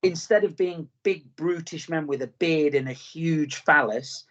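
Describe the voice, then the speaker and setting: A man's voice: a little high, unhurried, fairly bright tone. Middle-aged British man, blunt podcast talk, swearing, dull audio. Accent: British English. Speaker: podcast host. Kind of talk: casual podcast chat. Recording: slightly muffled podcast audio.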